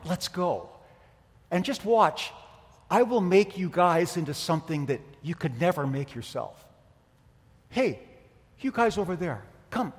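A man preaching who voices Jesus as a gentle, humble figure, softly coaxing listeners to come to him. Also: high-pitched. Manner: soft, coaxing, speaking directly to listeners. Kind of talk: sermon. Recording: long hall reverb.

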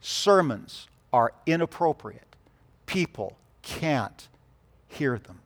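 A man preaching a sermon, telling stories and moving between hushed and emphatic delivery. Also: on the high side, big pitch swings, takes it slowly, big-room sound. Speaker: pastor.

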